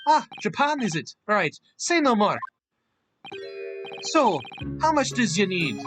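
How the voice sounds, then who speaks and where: A man putting on a sly Irish hustler with a put-on Irish accent, loud and high. He wheedles and needles cheekily. Game music plays behind. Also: sing-song, slow, exaggerated voice. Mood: cheeky.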